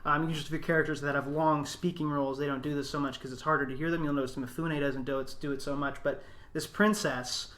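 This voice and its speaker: Man, podcast host, enthusiastic, bright tone, a bit higher pitched. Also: steady tone, quick pace. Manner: enthusiastic, emphatic. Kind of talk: casual film discussion.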